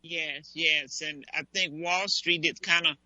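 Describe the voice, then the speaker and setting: A woman's voice: sits low, steady tone, unhurried, bright, forceful tone, no echo. A woman hosting a live internet radio talk show, chatting playfully and talking straight. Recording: dull dry lo-fi audio.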